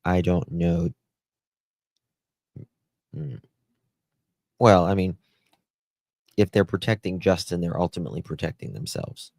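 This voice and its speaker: A man's voice: low-pitched, a little slow, long pauses, darkish tone, no room sound. A man hosting a live true-crime stream, chatty and exclamatory, thinking aloud as he goes.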